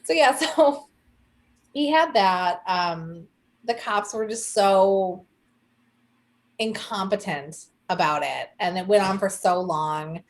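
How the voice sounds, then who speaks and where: A young woman co-hosting a casual chat, telling a story with animated quoted voices. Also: medium pitch, slow. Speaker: podcast co-host.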